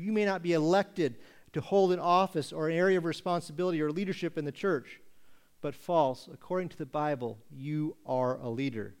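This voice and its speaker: A male pastor preaching a sermon with emphatic, deliberate rhetorical questions. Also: on the high side.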